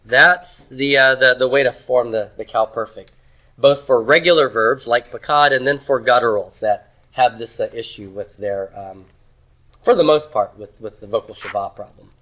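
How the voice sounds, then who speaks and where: A man teaching a Hebrew grammar lesson, asking questions and answering them himself, and sounding out words slowly. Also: medium pitch, pushed and bright. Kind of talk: classroom lecture.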